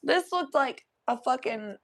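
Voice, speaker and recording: A young adult woman hosting a podcast, telling a story in an animated, profane, laughing way. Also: high-pitched, unhurried. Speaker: podcast host. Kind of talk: casual storytelling.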